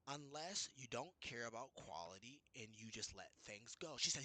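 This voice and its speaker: In casual chat, a man with a medium-pitched voice recounts an argument with his boss, rambling and restarting often as he quotes both sides in a lively retelling. He speaks at normal speed, with no room sound.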